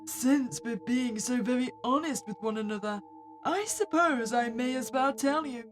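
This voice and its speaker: A woman's voice: on the high side, normal speed, over music, natural voice. A woman reading as a possessive male psychiatrist. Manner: calm, soothing, quietly controlling. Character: possessive, smooth-talking male psychiatrist, obsessed with patient.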